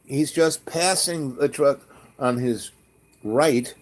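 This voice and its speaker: A man casually telling a rambling, animated travel story, acting out the people in it. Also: medium pitch, slow pace. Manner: rambling, animated anecdote with quoted voices.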